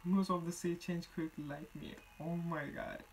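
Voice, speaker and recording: A reaction video host talking casually while watching a music video, exclaiming often in simple, halting phrases. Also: mid-range voice, slight background noise, low-quality recording. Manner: excited, exclaims repeatedly.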